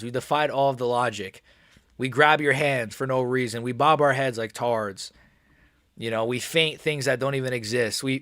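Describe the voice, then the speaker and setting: A young man hosting a live fight watch-along stream, reacting casually and swinging between nervous mumbling and excited shouting. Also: medium pitch, no echo, clean studio sound.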